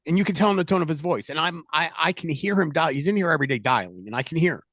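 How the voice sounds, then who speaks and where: A middle-aged man leading a sales team, talking loudly and animatedly in a casual coaching chat. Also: a little high, rapid-fire, few pauses, no room sound. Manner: loud, animated, talks with his hands.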